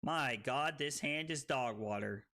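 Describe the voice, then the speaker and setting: A male streamer giving excitable live commentary on a card game, tipsy, laughing, swearing and often shouting. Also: medium pitch, measured pace. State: tipsy from drinking. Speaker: streamer and host.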